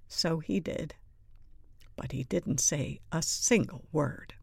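A woman reading a children's picture book aloud in a slow, expressive way. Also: low-pitched, creaky, slightly rough, dry recording, studio quality. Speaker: storyteller.

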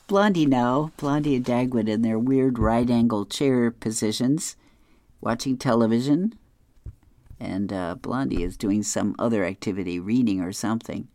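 A woman with an unusually deep, low voice reads newspaper comic strips aloud, describing each panel. She goes slowly and deliberately, pausing to chuckle. The recording is dry and close, with no room sound. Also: mellow, no room sound.

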